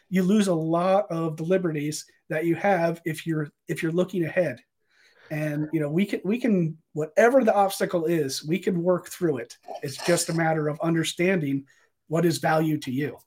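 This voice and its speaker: High-voiced man coaching business owners. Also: a little fast, breathy edge. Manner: explains step by step, coaching tone. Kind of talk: casual interview explanation.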